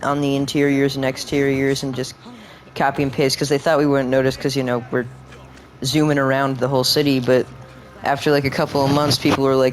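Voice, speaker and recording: A man's voice: mid-range voice, flat delivery, fairly quick, soft background music. A man giving rambling gameplay commentary at home, full of fillers, restarts and swearing when annoyed. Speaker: gaming video creator.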